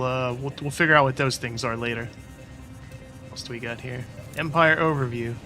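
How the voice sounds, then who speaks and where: A man's voice: medium pitch, bright, forceful tone. A man doing casual let's-play commentary, making sarcastic, joking asides as he plays. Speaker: gaming YouTuber. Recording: game audio with music behind.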